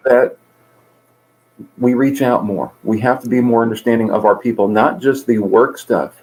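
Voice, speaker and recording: At a normal speed, a middle-aged man with a medium-pitched, darkish voice earnestly tells stories, voicing the people in them. He's a guest peer support coordinator in a conversational interview, and the recording is low quality.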